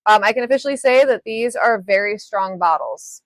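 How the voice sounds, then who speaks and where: A woman's voice: mid-range voice, animated, a little fast, few pauses. A young woman hosting a live nail art tutorial from her home studio, chatting casually, rambling and often breaking off to apologize. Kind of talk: casual live-stream chat while demonstrating.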